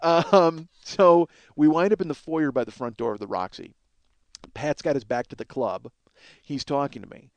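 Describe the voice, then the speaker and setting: A man's voice: fairly high pitch, normal speed, no room sound. A man telling a rambling, profane story as a podcast host, acting out what others said. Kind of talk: casual storytelling monologue.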